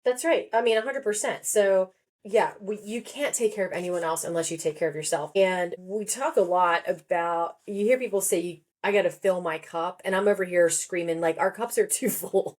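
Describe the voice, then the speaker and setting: Low-voiced animated woman therapist. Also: normal speed. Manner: animated, emphatic, laughs often. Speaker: guest, psychotherapist and author. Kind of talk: podcast interview talk.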